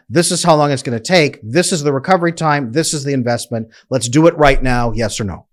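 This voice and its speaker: A man's voice: mid-range voice, a little fast, few pauses. A man speaking as a relationship coach in a direct, emphatic, persuasive monologue to his viewers.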